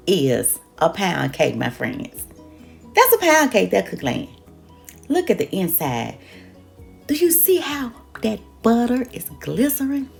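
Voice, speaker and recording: An older woman hosts a home cooking demonstration, exuberant and folksy, talking straight to her viewers. Her voice swoops up and down freely, with gravel in the low notes. She speaks in an unhurried way. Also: very animated, faint music behind. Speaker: cooking show host.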